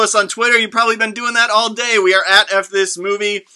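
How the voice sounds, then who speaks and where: A man's voice: high-pitched, slight background noise. Hyped-up Chicago-accented man hosting. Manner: energetic, hyped-up, rapid and joking. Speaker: podcast host. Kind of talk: excited group podcast chat.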